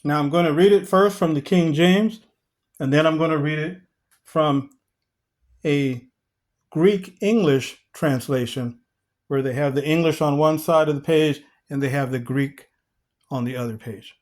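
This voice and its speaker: A man teaching a Bible study, reading scripture slowly and deliberately and putting rhetorical questions to his listeners, whom he calls family. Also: fairly high pitch, a little mellow.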